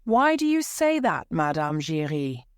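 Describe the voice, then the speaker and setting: A woman voicing a tired, calm male opera director who tries to settle his partner down, in a storybook reading. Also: low-pitched, measured pace, clean tone, no echo, studio quality, full character voice. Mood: weary. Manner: tired, placating.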